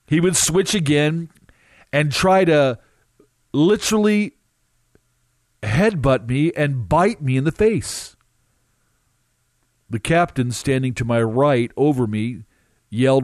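A man recounting a dramatic first-person testimony as a minister, emphatic and halting, with drawn-out pauses. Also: a little high, animated, a little mellow, no echo, clean studio sound.

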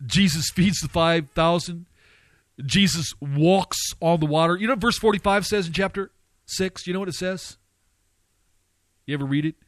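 Male preacher, fairly high voice, dry close sound, fervent and questioning. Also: moderate pace, long pauses, no echo. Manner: impassioned, surging to fervent high-pitched pleading; rhetorical questions to listeners. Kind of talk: radio sermon.

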